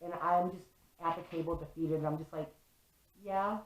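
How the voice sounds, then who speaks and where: A young woman telling a story to camera in a casual, animated way, swearing freely and saying "like" a lot. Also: sits low, brisk. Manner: animated, swears often, fills with "like". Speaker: vlogger. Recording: echoey room.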